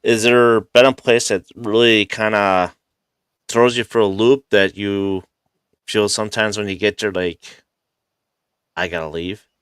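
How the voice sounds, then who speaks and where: A man's voice: lowish voice, steady tone, measured pace, pauses often, a bit bright, clean tone, no echo, clean studio sound. A man hosting an interview, reacting to a guest's story with hesitant, filler-filled comments before asking a question. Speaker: interview host. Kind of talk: casual interview.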